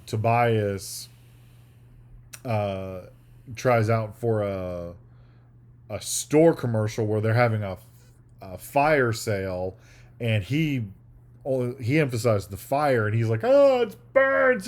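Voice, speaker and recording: A man with a lowish voice co-hosts a podcast in easy casual chat. He rambles through his thoughts and now and then slips into playing out the scenes he describes. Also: slow, long pauses, darkish tone. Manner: rambling, acts out quoted scenes. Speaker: podcast co-host.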